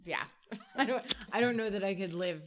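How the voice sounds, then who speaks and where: A woman's voice: medium pitch, moderate pace, a bit bright, a little hiss or hum. A woman chatting casually who hesitates often and uses lots of filler words. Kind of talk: casual chat.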